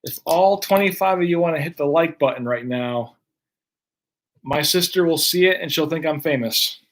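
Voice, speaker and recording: A man's voice: a little high, normal speed. A man hosting a live card break, chatting casually as he runs through each card pulled. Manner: chatty, running play-by-play of cards. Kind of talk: casual live-stream commentary.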